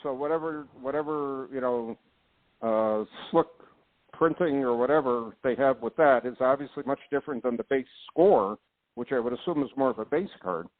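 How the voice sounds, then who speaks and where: Male podcast host, mid-pitch, rambly and indignant, tinny phone-line audio. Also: moderate pace, no room sound. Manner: rambling, indignant, restarts often. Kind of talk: casual chat.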